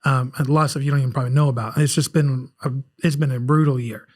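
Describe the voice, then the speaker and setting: A man's voice: medium pitch, fairly even intonation, rapid-fire, darkish tone. A man in his forties from South Carolina with a faint Southern accent, speaking candidly as a guest on a casual podcast with many restarts. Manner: rambling, frequent restarts, candid and self-reflective. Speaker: guest author.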